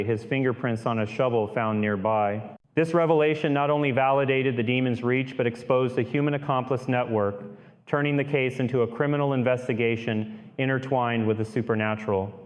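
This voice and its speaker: A man narrating a true-crime style horror audiobook in a steady, grave storytelling voice. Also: medium pitch, lo-fi sound.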